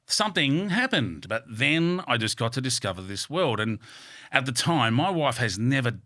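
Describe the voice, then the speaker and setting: A man with an Australian accent tells candid, animated stories as a studio interview guest. His voice is bright and forceful, and he speaks bluntly with plenty of swearing. The sound is dry and close, with no room echo. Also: mid-range voice, normal speed. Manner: blunt, swears freely, animated with vivid metaphors. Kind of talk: candid storytelling in a podcast interview.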